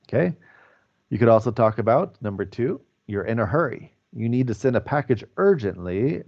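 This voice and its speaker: A man teaching English to an online class, explaining slowly and deliberately over a video call. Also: fairly low pitch, dark tone. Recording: dull lo-fi online call audio.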